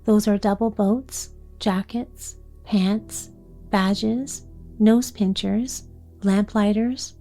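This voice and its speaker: A woman's voice: mid-range voice, steady tone, drawn-out words, soft background music. A woman voicing a shy, businesslike young boy in a bedtime story reading. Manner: quiet, matter-of-fact explaining.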